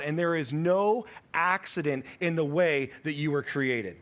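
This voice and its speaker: A man in his thirties gives a sermon from the pulpit in a casual, storytelling way. His voice sits a little high for a man. He stumbles and restarts lines easily. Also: measured pace, fairly bright tone. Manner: conversational storytelling, self-correcting. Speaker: pastor.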